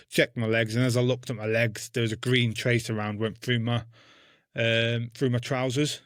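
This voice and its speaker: Mężczyzna opowiadający dosadnie, z czarnym humorem. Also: male voice, medium pitch, level tone, moderate pace, no room sound, clean studio sound. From England. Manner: blunt, heavy swearing, dark humour. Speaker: guest, army veteran. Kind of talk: casual storytelling interview.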